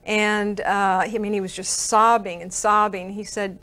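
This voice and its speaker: A woman's voice: medium pitch, little pitch movement, normal speed, few pauses, sharp tone. Earnest older woman telling her story. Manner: earnest storyteller, acts out quoted dialogue. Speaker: interview guest. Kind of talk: recounting a personal story.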